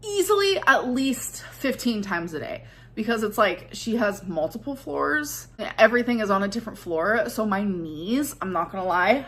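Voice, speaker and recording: A woman vlogger speaks in a rambling, confessional way and keeps filling her sentences with "like". Her voice sits at a middle pitch, and her tone stays reflective. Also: pushed and bright. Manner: rambling, reflective, heavy use of "like". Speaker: vlogger in a played clip. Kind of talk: casual confessional vlog talk.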